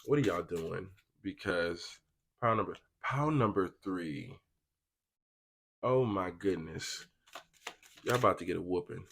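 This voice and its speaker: A man's voice: sits low, expressive, unhurried, creaky, pauses often, a bit bright, slight background noise. A young man giving a casual pick-a-card tarot reading, chatty and slangy, talking straight to his viewers. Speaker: tarot reader.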